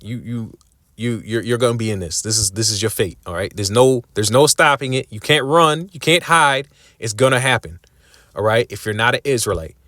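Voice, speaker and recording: A man's voice: mid-range voice, sharp tone, no room sound, clean studio sound. A man preaching a sermon in an emphatic style, often adding tag questions as he goes.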